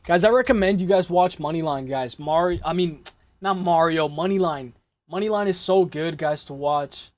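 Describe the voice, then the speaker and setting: A man hosting a casual livestream, rambling and cursing as he makes fight picks, his voice hoarse and worn out. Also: on the high side, normal speed, no echo. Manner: rambling, repeats himself, curses freely. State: lost his voice. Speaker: livestream host.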